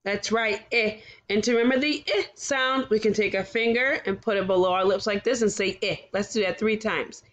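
A woman teaching a recorded phonics lesson to young children, sounding out vowels and letters clearly and encouraging them. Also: medium pitch, moderate pace, hardly any pauses, a bit bright, lo-fi sound. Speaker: kindergarten teacher.

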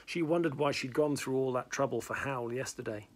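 A man's voice: medium pitch, fairly quick. A man reading a novel aloud in plain narration, with small slips and restarts. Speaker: reader.

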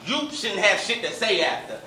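Aggressive bright-voiced battle rapper. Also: male voice, high-pitched, big pitch swings, moderate pace. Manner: aggressive, boastful delivery. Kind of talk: battle rap performance. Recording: roomy echo, distant mic, faint noise.

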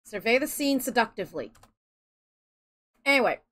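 Lively joking woman streamer. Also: a little high, moderate pace. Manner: joking, exasperated, chatty. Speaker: streamer playing a detective game. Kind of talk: casual gaming stream chat.

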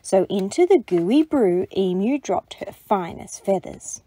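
A woman reading a picture book aloud to children, gentle and expressive. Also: medium pitch, unhurried, slightly rough. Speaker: storybook reader. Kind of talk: children's read-aloud narration.

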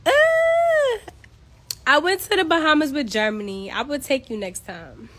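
Broadcasting casually from home on her phone, a social media personality from Queens, New York vents with blunt exasperation. Her voice sits high and has a fairly bright tone.

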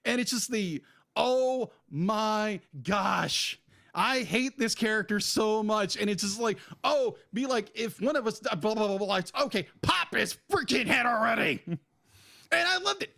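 A man's voice: high-pitched, lively intonation, a little slow, creaky, sharp tone. A man co-hosting a podcast, ranting emphatically and with exasperation about an anime character. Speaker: podcast co-host. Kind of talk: casual podcast review.

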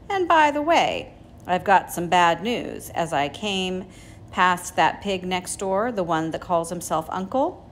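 A woman doing a husky gloating rat. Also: on the low side, a little hiss or hum, heavily acted. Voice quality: husky, hoarse. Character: gluttonous bloated male rat, sneering.

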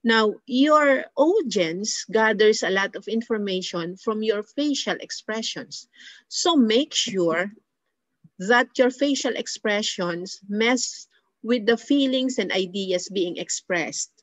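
A woman's voice: mid-range voice, expressive, slow, dry recording. A woman teacher with a Filipino accent gives an online lecture, defining terms one by one and often saying "okay" and "uh". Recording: dull lo-fi recording.

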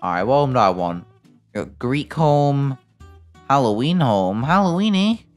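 British gamer dude yelling and joking thru a game, voice leaps all over the place, bit of music faint behind. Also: male voice, medium pitch, measured pace. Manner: excitable, jokey banter with sudden loud yelps. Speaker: gaming video creator. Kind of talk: playing a game and commenting.

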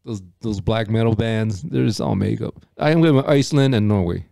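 A man co-hosting a casual podcast, guessing answers out loud in a blunt way and swearing freely. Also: on the low side, fairly quick, vocal fry, dry recording, studio quality. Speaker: podcast co-host.

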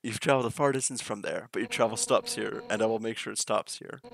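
A man's voice: on the low side, fast talker, vocal fry, fairly bright tone, poor audio. A man reading as brash warrior fish-woman Undyne. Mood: stern. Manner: reading lines aloud, mock-stern.

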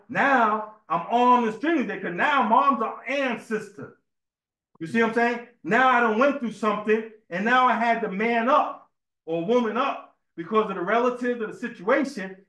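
A man's voice: high-pitched, expressive, normal speed, bright, forceful tone. A man giving an informal sermon at a temple meeting, telling personal stories in a conversational way, often repeating words and asking his listeners "right?". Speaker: speaker at a religious temple meeting. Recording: echoey room.

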